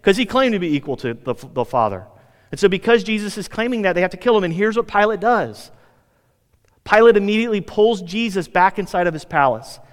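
A man's voice: high voice, animated, fairly quick, long reverb tail. An American man preaching a sermon, casual and emphatic, sometimes acting out the people in his story. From United States. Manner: conversational, emphatic, acts out quoted speakers. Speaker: pastor.

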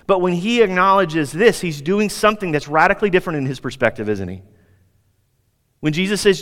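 A man preaching with a slightly high voice, building energy and lifting for emphasis, then sinking to a hush. His sermon rings through a hall with a long, lingering reverb. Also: a little fast. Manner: animated preaching, rising in pitch for emphasis. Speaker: pastor.

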